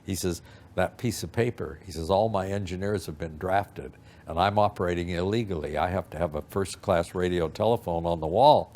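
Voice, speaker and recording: A man's voice: deep voice, a little fast, darkish tone. An older man telling a story from his youth in an archival interview, rambling and acting out the people he quotes.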